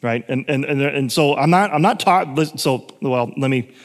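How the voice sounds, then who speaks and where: A man's voice: medium pitch, moderate pace, big-room sound. A man preaching a sermon in a casual, self-correcting way, with emphatic moments. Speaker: pastor.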